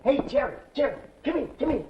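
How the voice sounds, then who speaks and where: An actor playing a brash, fast-talking used car dealer in a 1930s comedy film. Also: male voice, very high-pitched, very animated, full character voice. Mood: brisk. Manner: brash salesman patter. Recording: dull 1930s film soundtrack, faint hiss.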